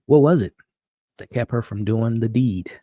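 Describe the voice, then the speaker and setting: A man hosting a live-stream recap of a TV episode, talking excitably and stumbling over repeated words as he restarts his sentences. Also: mid-range voice, moderate pace, no echo. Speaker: show host. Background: dog.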